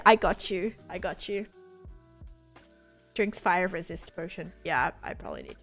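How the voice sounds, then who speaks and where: A woman's voice: on the low side, huge pitch swings, normal speed, vocal fry, soft background music. Chatty woman streamer, filler-heavy. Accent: non-American English. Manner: chatty, many fillers and restarts. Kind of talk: casual live-stream chat.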